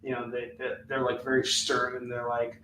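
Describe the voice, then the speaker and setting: Flat as can be in delivery, this middle-aged man's mid-range voice is bright and forceful, moving at a moderate pace. He's hosting a comic book sales stream at home, bantering off the cuff with viewers. The audio carries a little hiss or hum, roomy echo, and a slightly distant mic.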